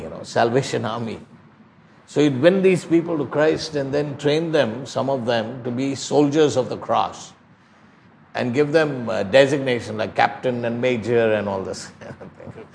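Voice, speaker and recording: A man's voice: medium pitch, vocal fry, a little mellow, slight background noise. An older man preaching a sermon, pleading and emphatic, telling stories to his listeners.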